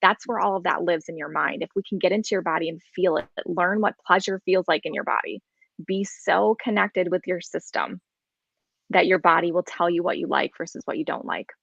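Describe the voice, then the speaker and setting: A woman guest on a live podcast, speaking calmly and reflectively, like a coach. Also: fairly low pitch, a little fast, creaky, husky, no room sound, highs cut off.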